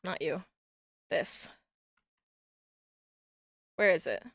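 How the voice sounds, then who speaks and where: A young woman streamer, chatting casually and rambling, with bursts of excited yelling. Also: lowish voice, extremely slow, dry recording, clean studio sound. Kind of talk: casual livestream chat while crafting.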